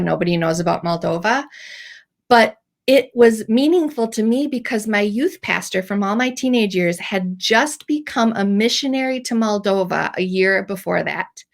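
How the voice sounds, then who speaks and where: Middle-aged woman, slightly high voice, heartfelt testimony, emotional, rambling. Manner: emotional, teary at times, rambling with fillers. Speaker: podcast host telling her story. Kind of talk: personal testimony.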